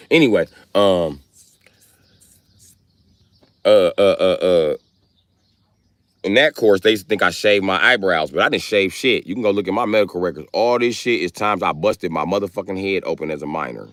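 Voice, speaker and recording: A man's voice: low voice, pushed and bright, no room sound, studio quality. A man giving a profane, rambling, joking rant on a casual livestream, talking outdoors in public.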